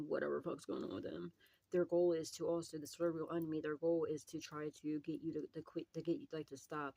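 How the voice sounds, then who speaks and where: A woman's voice: low-pitched, warm tone, no room sound, low-quality recording. A woman doing a casual psychic tarot reading, swearing freely, rambling and laughing often.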